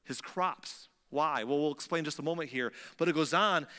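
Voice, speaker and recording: A man's voice: on the high side, normal speed, fairly bright tone. A male pastor preaching a sermon in a church sanctuary, emphatic and repetitive, often restarting his phrases. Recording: long hall reverb.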